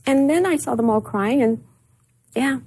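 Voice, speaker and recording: Husky-voiced woman recalling painful memories. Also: high voice, mellow, low-quality recording. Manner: halting, repeats words when upset. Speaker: interview guest. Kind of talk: emotional personal recollection.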